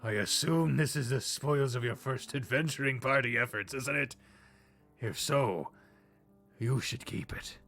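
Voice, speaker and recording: A man's voice: measured pace, faint music behind. A man doing a hearty father with a thick accent. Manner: booming, warm, thick put-on accent.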